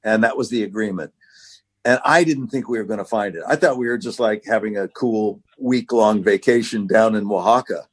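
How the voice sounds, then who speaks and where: A man in his sixties, a podcast guest, telling a relaxed story in a casual interview. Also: on the low side, normal speed, husky. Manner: relaxed, anecdotal, with many restarts.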